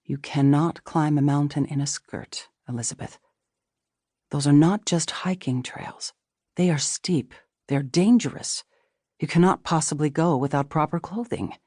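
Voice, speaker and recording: A woman reading the lines of a calm, steady young husband who speaks softly and evenly in an audiobook. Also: low voice, measured pace, no echo, studio quality. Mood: firm. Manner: calm, even and soft-spoken.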